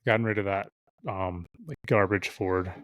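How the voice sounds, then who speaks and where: A man's voice: low-pitched, fairly even intonation, moderate pace, dry recording, narrow, tinny audio. A young man, a podcast guest, telling a long casual story, rambling and swearing often and acting out what others said. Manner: rambling, heavy swearing, acts out quoted voices.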